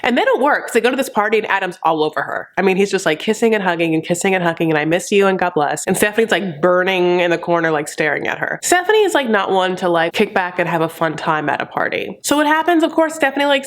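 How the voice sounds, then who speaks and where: A woman hosting a reality TV recap in a sassy, campy, gossipy way, full of "honey" and "like", breaking into high mocking impressions. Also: expressive, fast talker, hardly any pauses. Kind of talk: casual comedic recap.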